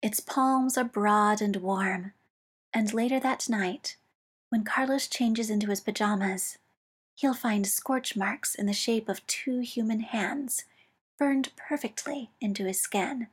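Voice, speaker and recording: A woman reads a story aloud in a slow, measured, soft voice. Her tone is breathy and a little husky, pitched slightly high. She slips into whispered phrasing now and then. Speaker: narrator. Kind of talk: reading fiction aloud.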